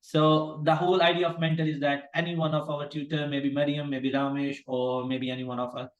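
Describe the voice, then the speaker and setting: A man's voice: a little high, flat delivery, fairly quick, roomy sound, highs cut off. A male tutor explaining class arrangements to his students in loose, informal phrasing. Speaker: medical exam tutor. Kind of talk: online class instructions.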